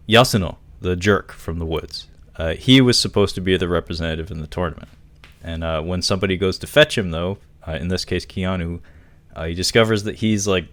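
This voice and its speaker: A man's voice: low-pitched, fairly bright tone. Laughing man recapping a film. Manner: laughs often, loose and profane, recaps plot with asides. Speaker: podcast co-host. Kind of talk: casual film review chat.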